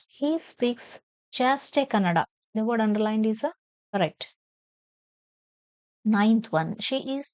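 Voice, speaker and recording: A woman's voice: a little high, a little mellow, no room sound, lo-fi sound. A woman teacher with an Indian English accent, giving a classroom pronunciation lesson and spelling words out letter by letter. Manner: repeats words slowly, spells them out letter by letter.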